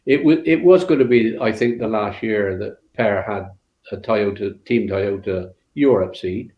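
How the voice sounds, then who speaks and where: Speaking at a measured pace in a fairly low voice, an older West Country man recounts his days as a rally co-driver for an interview. He rambles, full of fillers and restarts, and the audio is roomy, dull and lo-fi.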